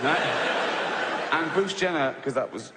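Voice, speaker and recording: A man's voice: fairly high pitch, a little slow, very noisy. A man doing stand-up comedy, rambling and self-interrupting, with lots of swearing. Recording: reverberant live venue with loud ambience.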